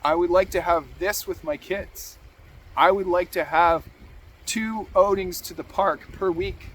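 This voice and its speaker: A man's voice: sits high, a little slow, a bit bright, a little hiss or hum. A man hosting a motivational talk, earnest and encouraging, repeating key phrases for emphasis. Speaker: podcast host.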